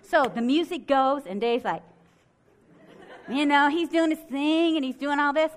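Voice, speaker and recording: A middle-aged woman from Michigan preaching a sermon, telling a story in an animated way and acting out what people said. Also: high voice, measured pace. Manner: animated, acts out quotes with swings in loudness.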